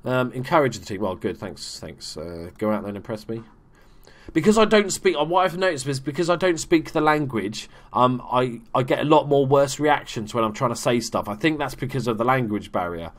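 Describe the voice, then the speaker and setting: A man's voice: mid-range voice, fairly quick. Young male gaming YouTuber, chatty and self-deprecating, loose play-by-play. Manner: chatty, self-mocking, swears when excited. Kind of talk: casual let's play commentary.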